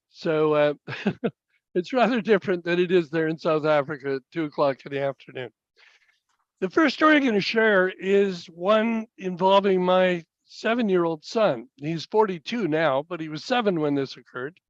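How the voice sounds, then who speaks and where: Older male storyteller at a webinar, high-pitched, unhurried and halting, chuckles now and then. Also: no room sound, lo-fi sound. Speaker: speaker telling stories.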